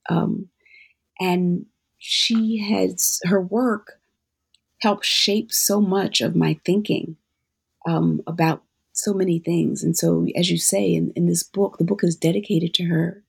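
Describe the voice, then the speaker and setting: An author and guest answering interview questions in a thoughtful, halting way with many fillers. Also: medium pitch, steady tone, vocal fry, husky.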